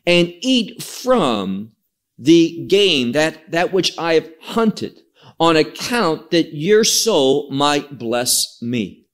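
Slow, lively-voiced preacher man. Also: fairly high pitch. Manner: slow, emphatic teaching with scripture readings. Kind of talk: expository sermon.

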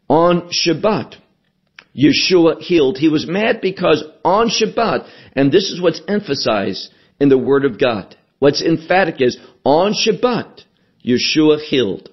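A man preaching a sermon, deliberate and emphatic, repeating key phrases for weight. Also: on the high side, lo-fi sound. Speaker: pastor.

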